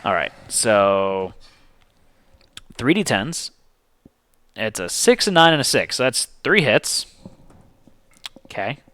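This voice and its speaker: A man hosting a streamed board game session, reading rules aloud and counting dice in a casual, animated way. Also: lowish voice, takes it slowly, long pauses. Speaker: game host.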